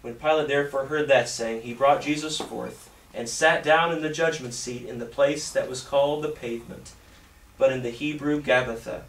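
A man's voice: mid-range voice, fairly even intonation. Distant echoey preaching man. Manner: halting, repeats words while preaching. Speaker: pastor. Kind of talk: sermon with scripture reading. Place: church sanctuary.

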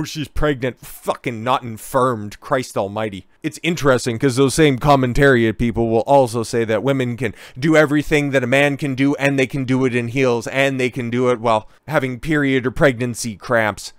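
A man delivers irritated reaction commentary, cursing freely and sounding openly fed up. His voice sits in the middle range. It is recorded close and dry, with no room echo. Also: mid-range voice. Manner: heated, profane ranting. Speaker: online commentator.

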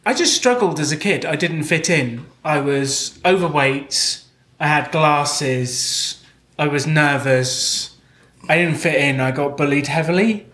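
A man with a British accent answers audience questions on a live stage, candid and quick to poke fun at himself. His voice sits a little high, and the hall around him rings with echo. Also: a bit bright. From Britain. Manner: candid, self-deprecating, quick. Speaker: guest speaker. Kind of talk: live Q&A storytelling. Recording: echoey live venue.

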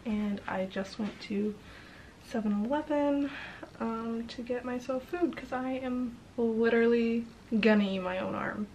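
A young woman talks to her camera in a relaxed, chatty vlog, giggling and swearing casually. Her voice sits a little high and her pace is slow and easy. A faint hiss of ambience sits under the recording. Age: young adult. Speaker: vlogger. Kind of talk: casual travel vlog chat.

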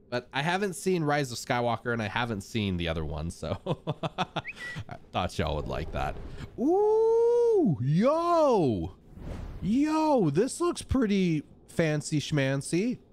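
A man's voice: medium pitch, a little hiss or hum. A man hosting a live gameplay stream, chatting upbeat with his viewers and greeting them casually.

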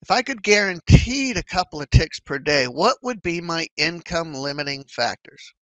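This man, who teaches trading, explains it casually and acts out the nervous and optimistic thoughts running through his head with lively energy. He speaks at an ordinary speed in a voice on the higher side. The audio is poor, though dry.

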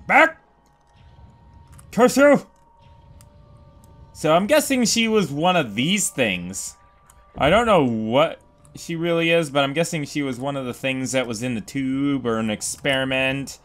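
A man doing excitable, profane game commentary, yelling and joking at the enemies on screen. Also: medium pitch. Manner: profane, jokey. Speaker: let's play gamer.

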